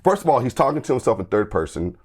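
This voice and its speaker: A man, a guest church musician, telling an animated story in a podcast conversation, full of restarts, "like" and "I'm like", and acted-out quotes. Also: mid-range voice, racing. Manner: tells anecdotes with lots of restarts and acted-out quotes; fillers like "like" and "I'm like".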